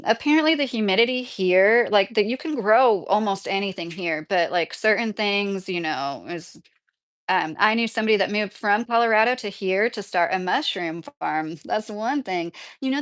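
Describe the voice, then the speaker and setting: A woman hosting a casual livestream, chatting in a rambling way and answering viewers by name. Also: medium pitch. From Kentucky. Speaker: livestream host reading viewer comments. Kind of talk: casual live-chat talk.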